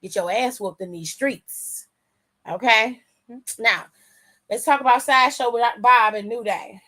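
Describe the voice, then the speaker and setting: A woman's voice: on the high side, a little slow, pushed and bright. A woman hosting a wrestling aftershow, recapping the night in casual, profane talk and acting out the wrestlers' lines.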